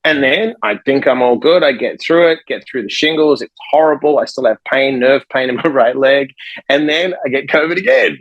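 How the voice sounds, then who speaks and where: A man who is a life coach and author, telling a story in a podcast conversation with lively energy and acting out the people in it. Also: medium pitch, moderate pace, no echo, highs cut off. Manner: energetic, acts out the people in his stories.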